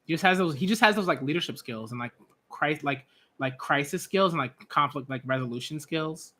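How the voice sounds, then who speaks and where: A man hosting a live manga reaction, talking in an excitable, gushing way with lots of fillers. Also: fairly high pitch, brisk.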